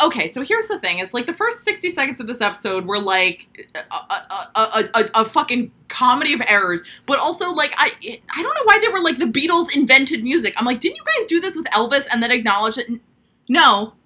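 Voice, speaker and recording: A woman's voice: sits high, big pitch swings, fairly quick, bright, forceful tone, slightly rough. A woman co-hosting a podcast in casual chat, rambling, swearing and laughing often. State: hard of hearing. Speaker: podcast co-host.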